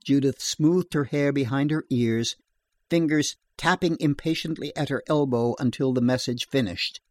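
A man narrating a horror story in a steady, measured reading voice. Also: medium pitch, dry recording.

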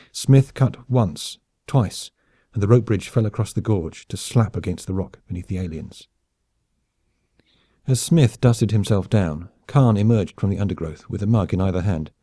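A man narrating an audiobook in a brisk, wry storytelling manner. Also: fairly low pitch, dark tone, no room sound, studio quality. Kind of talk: scripted narration.

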